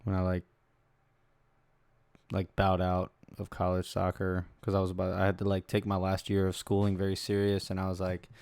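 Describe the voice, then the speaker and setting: A young adult man chats alone as a podcast host, telling stories in a rambling, laid-back way with plenty of swearing. His voice sits a little on the low side. The sound is dry and close, with no room echo. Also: completely flat delivery, normal speed, darkish tone, smooth. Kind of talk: casual solo podcast chat.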